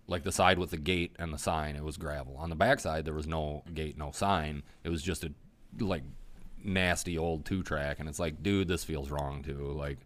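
A man casually telling a hunting story on a podcast, swearing freely and talking with lively energy. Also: a bass voice, normal speed.

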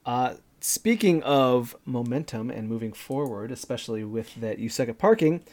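A man in his thirties, co-hosting a casual gaming podcast and walking through how a game plays, step by step and with animated energy. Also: mid-range voice, normal speed. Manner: animated, explains games step by step. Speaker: podcast co-host.

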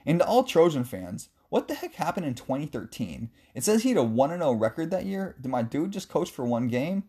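A man hosting a casual sports talk show, answering a listener's question in a chatty, joking way with animated asides. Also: on the high side, a little fast, breathy edge. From West Coast of the US.

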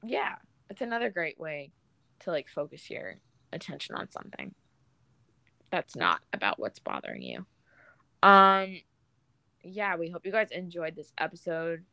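A woman's voice: on the low side, sing-song, unhurried, creaky, pauses often, bright, forceful tone, dry recording. A woman hosting a podcast, chatting in a laid-back, rambling way. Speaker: podcast host. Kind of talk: casual podcast chat.

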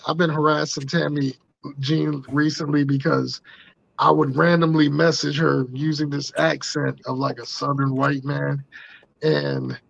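A man's voice: fairly high pitch, gravelly, fairly bright tone, dry recording, dull audio. A man hosting a podcast, joking and teasing his co-hosts in casual banter. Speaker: podcast host.

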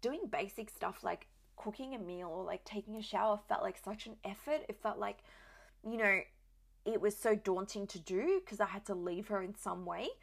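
Here a young new mother recounts her own experiences in a relaxed, talkative way, leaning heavily on "like." Her creaky voice sits in the mid range and keeps a normal speed.

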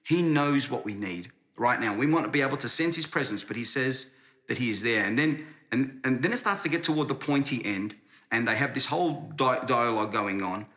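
A man's voice: mid-range voice, lively intonation, fairly quick, sharp tone. A man preaching a sermon as pastor, earnest and conversational, often restarting his words.

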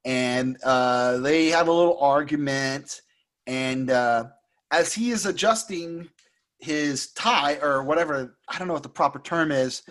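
A man co-hosting a podcast, recapping a film in a casual, jokey way and slipping into squeaky impressions. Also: measured pace. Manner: animated storyteller who puts on squeaky impressions; jokey, laughs often. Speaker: podcast co-host.

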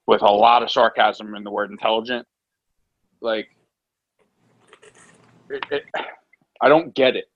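A man's voice: on the low side, little pitch movement, moderate pace, long pauses, fairly bright tone. An American man in casual talk, ranting in frustration and swearing a lot. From United States. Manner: profane, exasperated ranting. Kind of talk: casual heated chat. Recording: dull lo-fi sound.

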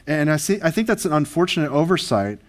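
A man's voice: a little high, very animated, quick pace. Man preaching a verse-by-verse sermon. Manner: conversational teaching, shifts pace for emphasis, occasional restarts. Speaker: pastor.

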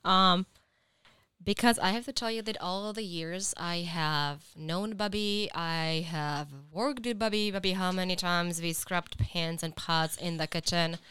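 A woman's voice: fairly low pitch, measured pace, smooth, no room sound. A woman on a podcast speaking earnestly in praise of someone, then teasing with laughter. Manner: earnest and warm, rising into loud laughing teasing. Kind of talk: casual heartfelt chat.

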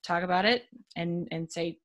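A woman's voice: fairly low pitch, moderate pace. A woman in casual conversation, speaking in a supportive, affirming way.

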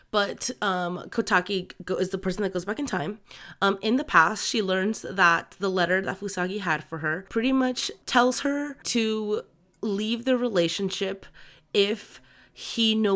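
A woman's voice: mid-range voice, unhurried, fairly bright tone. A young woman co-hosting a book podcast, talking casually and with feeling, with lots of "um" and "like" as she retells a story. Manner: emotional, lots of fillers like "um" and "like".

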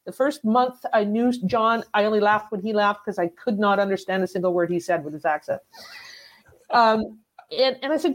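A middle-aged woman sales coach, a guest in an interview, telling lively stories and acting out sales dialogue. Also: mid-range voice, moderate pace. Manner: animated storyteller, acts out sales dialogue. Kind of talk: conversational interview.

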